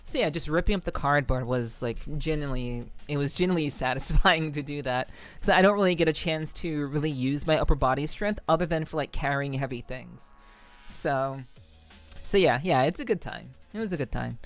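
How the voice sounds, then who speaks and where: A woman's voice: low-pitched, a little fast, faint music behind. A young woman live streamer in casual chat with her viewers, rambling with frequent restarts.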